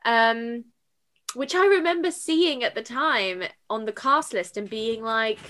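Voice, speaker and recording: A woman's voice: on the high side, expressive, measured pace, fairly bright tone. A woman chatting about a film, emotional and tearful, laughing through her words. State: crying. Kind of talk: casual film discussion.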